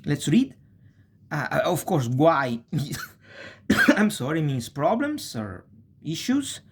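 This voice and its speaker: A man teaching a language lesson, speaking slowly and deliberately and often checking in with "eh?". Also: a little high, very animated, a little hiss or hum. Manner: slow and deliberate, frequent checking tags like "eh?". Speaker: Italian teacher.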